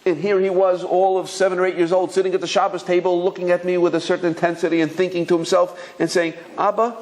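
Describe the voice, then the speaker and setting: A man's voice: high-pitched, fast talker. A man in his fifties, a rabbi giving a Torah talk, telling stories with lots of restarts and acting out the voices. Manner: animated storyteller, acts out voices, many restarts.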